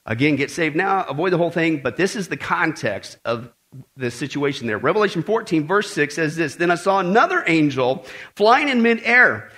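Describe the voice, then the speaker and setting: Animated high-voiced male preacher. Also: normal speed. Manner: animated, joking asides to the congregation, emphatic repetition. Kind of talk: sermon.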